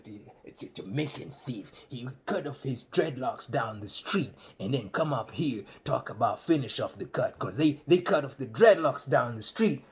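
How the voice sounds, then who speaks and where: A comedian voicing a suspicious, grumpy old male barber who rants loudly and accusingly in casual slang. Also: medium pitch, breathy edge, voice pushed down, exaggerated voice. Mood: grumbling. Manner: loud, accusing, rambling rant in casual slang. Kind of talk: stand-up storytelling.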